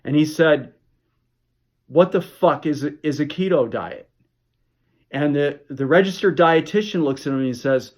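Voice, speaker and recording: A man's voice: on the high side, measured pace, pauses often. Man telling a story to camera. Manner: rambling anecdote with frequent restarts. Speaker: health vlogger. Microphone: camera mic.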